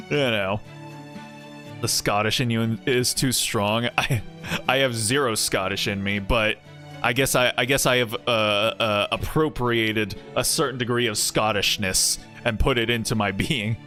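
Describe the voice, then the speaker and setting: A man's voice: mid-range voice, pushed and bright. A man streaming a game, chatting in a rambling way full of fillers and chuckles. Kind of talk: casual gameplay commentary.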